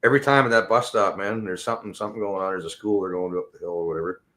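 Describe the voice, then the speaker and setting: A man's voice: sits low, rapid-fire, fairly bright tone. A middle-aged man ranting in casual chat, profane and rambling, laughing as he talks. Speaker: podcast host.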